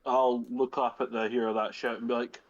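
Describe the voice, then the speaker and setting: A man's voice: mid-range voice, flat delivery, a little fast, no room sound. A man playing a tabletop game, talking bluntly and jokingly in casual game chat. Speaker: player. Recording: dry, muffled lo-fi mic.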